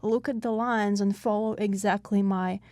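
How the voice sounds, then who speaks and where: A woman's voice: medium pitch, steady tone, normal speed, a little mellow, no echo. A woman hosting an interview, sharing her own experience in an enthusiastic, chatty way. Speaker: host. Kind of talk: interview conversation.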